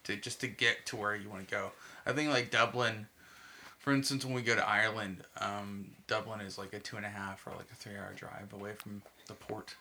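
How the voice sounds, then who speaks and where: A man's voice: lowish voice, fairly even intonation, fairly quick, sharp tone, a little hiss or hum. A man from Texas chatting casually on a podcast, rambling with lots of restarts and filler words. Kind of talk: casual chat.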